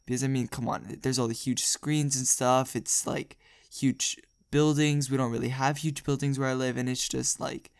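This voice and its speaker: Young male vlogger, gravelly voice, dry close sound, rambling storytime delivery. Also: mid-range voice, level tone, normal speed, dry recording. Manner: rambling, jokey, laughs often. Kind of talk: casual storytelling.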